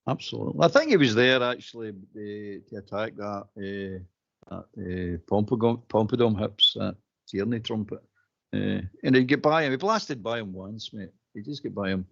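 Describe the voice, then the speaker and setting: A man's voice: fairly low pitch, moderate pace, gravelly, a bit bright, highs cut off. A man with a Scottish accent giving blunt football opinions in casual chat, calling everyone mate. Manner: blunt, says mate a lot, fiery opinions.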